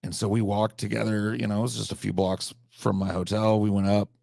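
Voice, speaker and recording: Man, low gravelly voice, rambling comic storyteller, profane, dry close sound. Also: level tone, brisk, a little mellow, dry recording. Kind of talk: comedic storytelling.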